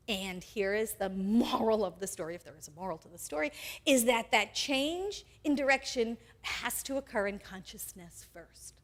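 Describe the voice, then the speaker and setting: A woman pastor delivering a sermon in an animated way, acting out the quoted characters as she goes. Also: fairly high pitch.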